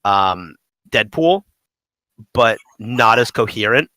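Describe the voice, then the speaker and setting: Bright-voiced man chatting about games. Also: lowish voice, takes it slowly, no room sound, rough recording. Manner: rambling, animated, many fillers. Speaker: podcast co-host. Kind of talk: casual gaming podcast chat.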